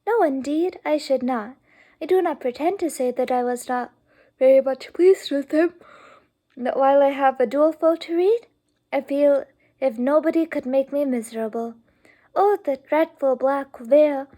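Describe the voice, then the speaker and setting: A woman's voice: high-pitched, moderate pace, mellow, lightly acted. A woman reading aloud, voicing a naive, earnest young girl who speaks sincerely and innocently.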